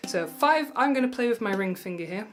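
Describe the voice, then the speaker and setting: A woman's voice: medium pitch, lively intonation, over loud music. Patient woman tutor counting beats. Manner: patient, reassuring, counts aloud slowly. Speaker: music tutor. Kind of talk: mandolin lesson. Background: mandolin playing.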